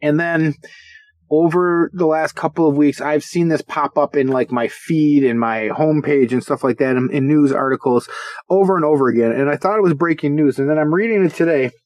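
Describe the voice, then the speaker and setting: A man's voice: fairly high pitch, fairly quick, a little mellow, no room sound. A man co-hosting a podcast in casual chat, laughing often and teasing himself and his partner. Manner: laughs often, joking and self-mocking. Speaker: podcast co-host.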